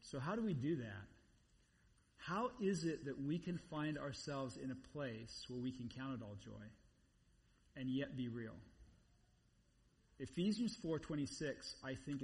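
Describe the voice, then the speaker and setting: A man preaching a sermon in a conversational, animated way, repeating phrases for emphasis. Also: on the high side. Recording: long reverb, voice somewhat far from mic.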